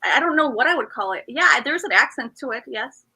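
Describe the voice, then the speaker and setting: Bright, high-voiced woman host. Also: brisk, breathy edge, poor audio. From Chicago, Midwest. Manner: excited and gushing. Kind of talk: casual chat on a video call. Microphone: video call.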